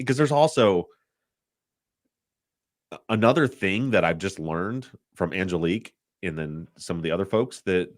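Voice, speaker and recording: A man hosting a casual podcast discussion, talking in a halting way, often repeating words and getting choked up. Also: low-pitched, no room sound, clean studio sound. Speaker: podcast host.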